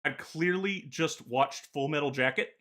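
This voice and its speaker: Halting man chatting on a podcast. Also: a little high, a bit bright. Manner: halting, many filler pauses. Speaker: podcast co-host. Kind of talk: casual gaming podcast chat.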